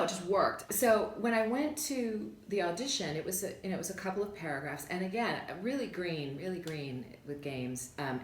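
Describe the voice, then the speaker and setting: A woman with a low voice tells reflective, rambling stories about her voice-acting work in a casual interview. The room is echoey, with faint ambience behind her. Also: slight background noise. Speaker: voice actress.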